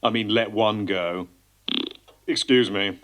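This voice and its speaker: A man's voice: fairly low pitch, slow, fairly bright tone. A man doing a smarmy, flirty gent.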